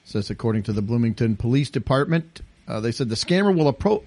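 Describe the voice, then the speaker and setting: Jokey, husky-voiced host. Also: male voice, mid-range voice, big pitch swings, fast talker, a little mellow. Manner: jokey, laughs easily, puts on silly pirate voices. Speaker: podcast host. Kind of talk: casual chat.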